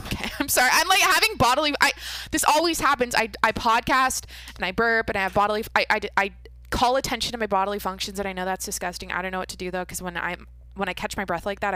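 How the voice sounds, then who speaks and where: Young woman host, casual solo podcast talk, bright voice, dry close sound; rambling and self-interrupting. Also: medium pitch, no room sound. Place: home room with closed windows.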